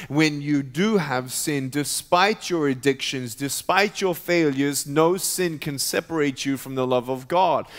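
Emphatic man preaching in a reverberant hall. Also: mid-range voice. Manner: emphatic, preaching with rising intensity. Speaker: guest speaker. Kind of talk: sermon. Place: church.

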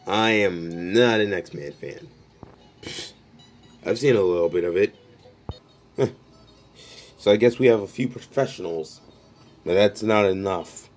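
Low, slow-talking man in jokey banter. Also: soft background music. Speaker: creator of an improvised comedy skit. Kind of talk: unscripted comedic banter.

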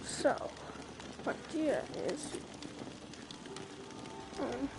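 A young woman loudly commenting on her VR game, swearing often and breaking into frustrated yelling. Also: high-pitched, lively intonation, drawn-out words, noisy background. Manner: loud, profane, swings into shouting frustration. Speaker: VR gamer. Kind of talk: casual gameplay commentary.

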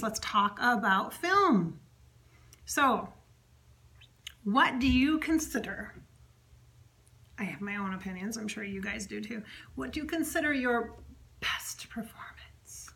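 Chatty woman medium with a bright voice. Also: fairly high pitch, animated, unhurried, gravelly, long pauses, a little hiss or hum. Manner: chatty, relays an unseen spirit's words, often dropping to a soft whisper. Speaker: psychic medium. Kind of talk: solo channeling monologue.

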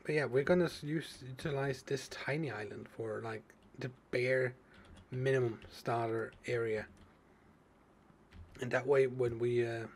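A man's voice: mid-range voice, steady tone, measured pace, vocal fry. A man casually narrating his own survival gameplay, thinking aloud with many fillers and restarts. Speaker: let's play gamer. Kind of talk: casual game commentary.

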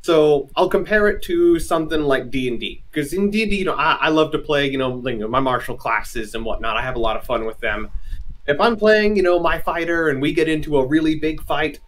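A man's voice: fairly high pitch, expressive, a little fast, a bit bright. A man, a game designer guest in a casual interview, explaining at length in an earnest way with lots of "you know" and "like".

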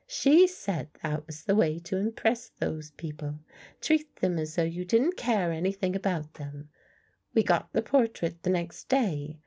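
A woman's voice: fairly low pitch, big pitch swings, measured pace, warm tone, slightly rough, full character voice. A woman narrator voicing a guarded, blunt working-class woman medium in an audiobook.

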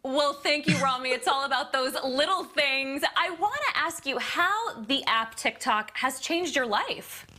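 A woman's voice: high voice, animated, measured pace, hardly any pauses, sharp tone. A woman hosting a TV morning show, bubbly and upbeat as she interviews a guest.

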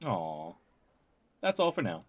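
A man's voice: low-pitched, huge pitch swings, takes it slowly. A man hosting a let's play, commenting casually and with amusement as he reads dialogue aloud.

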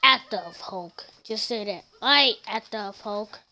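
A goofy male superhero actor, put on by a woman, awkward and hesitant in a lowered voice. The delivery is slow and unhurried. The tone is bright. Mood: hyped.

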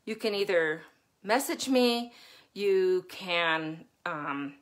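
A middle-aged woman giving a live-stream talk as a parenting coach, chatty and laughing often as she acts out her own moments of yelling. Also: fairly low pitch, lively intonation, drawn-out words.

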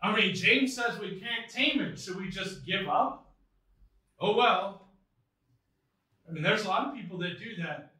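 Man, pastor, sermon, high bright voice, echoing church hall, mic far off. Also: moderate pace. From United States. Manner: earnest, reads scripture aloud with emphasis. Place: church sanctuary.

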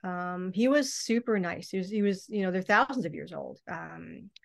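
A woman's voice: on the low side, lively intonation, normal speed, creaky. A woman speaking as a guest in a casual podcast chat, rambling along with many restarts and hesitations. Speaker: guest mystic. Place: podcast recording, remote or studio.

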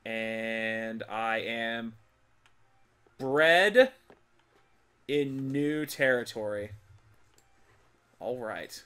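Man playing a game, swearing and yelling. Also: on the low side, flat delivery, drawn-out words, clean tone. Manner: swears a lot, laughs often, shouts when frustrated. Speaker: gaming channel host. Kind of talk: casual let's-play commentary.

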